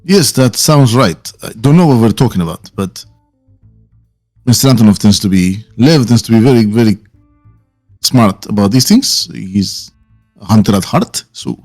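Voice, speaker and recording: A man playing an agreeable male sidekick with a cheerful, offhand way of agreeing. His voice sits fairly low, with faint music underneath. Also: animated, normal speed, darkish tone.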